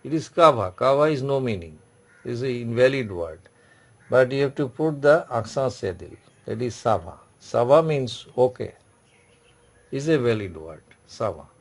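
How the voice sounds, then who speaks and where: Gravelly-voiced man teaching a class. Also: mid-range voice, lively intonation. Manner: repetitive, explains slowly with many restarts. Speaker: French teacher. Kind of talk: classroom lecture.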